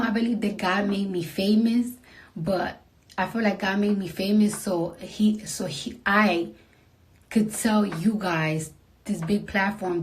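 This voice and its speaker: A woman in an emotional, rambling late-night livestream to her fans, speaking softly and trailing off into near-whispers. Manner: soft and low-key, trailing into near-whispers.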